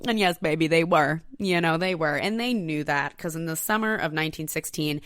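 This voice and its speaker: Woman host telling history all chatty and sweary, lowish voice, dead dry mic. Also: normal speed, hardly any pauses, no room sound. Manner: animated, profane, addresses listeners directly. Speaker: podcast host. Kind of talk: casual storytelling.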